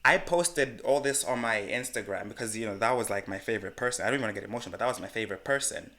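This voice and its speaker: A man, co-hosting a podcast and telling a personal story in frank, animated casual chat. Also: fairly low pitch, very fast. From Malawi. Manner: animated, frank storyteller who swears freely. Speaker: podcast co-host.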